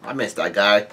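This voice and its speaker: A man's voice: lowish voice, bright, forceful tone. Coughing man recapping a manga chapter. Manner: halting, stumbles and restarts often. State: bad cough. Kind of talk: casual read-through commentary.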